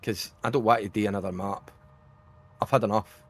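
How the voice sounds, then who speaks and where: A man's voice: on the low side, fairly even intonation, a little fast. A middle-aged Scottish man chatting casually while streaming a game, swearing freely and laughing often. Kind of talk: casual gaming chat.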